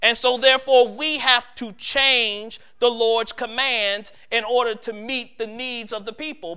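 A male preacher delivering a sermon who builds his points through repetition, slowing down and getting louder at each climax. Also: extremely high pitch, smooth.

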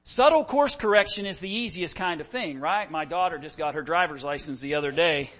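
A man's voice: fairly high pitch, brisk, fairly bright tone. A middle-aged man preaching a sermon as pastor, impassioned and full of rhetorical questions.

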